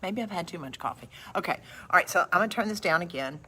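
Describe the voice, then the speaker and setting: Working through a live craft demo in her studio, a middle-aged woman talks quickly in a fairly low, expressive voice with a breathy edge. She keeps up a chatty stream of warm asides to her viewers.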